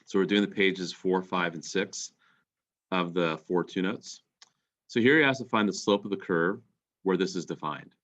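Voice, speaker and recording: Congested male math teacher, very low voice, walks through each step deliberately; muffled lo-fi classroom recording. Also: a bit bright. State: congested, clearing throat. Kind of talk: recorded calculus lesson.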